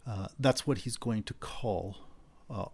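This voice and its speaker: A man's voice: on the low side, a little slow, vocal fry, a little mellow, a little hiss or hum. A middle-aged man lecturing on philosophy in a loose, conversational way, often repeating words as he searches for the phrasing. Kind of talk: university lecture.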